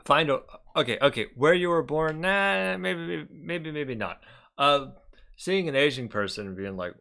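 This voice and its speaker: A man's voice: mid-range voice, unhurried, creaky, pushed and bright. A man casually reacting to a clip, sarcastic and chatty, often laughing and swearing. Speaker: commentary video host.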